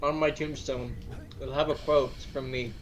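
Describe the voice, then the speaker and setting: Man, stream co-host, mid-pitched voice, teasing casual banter, faint noise. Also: flat delivery, normal speed. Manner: teasing, repeats a running gag. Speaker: co-host chatting on a game stream.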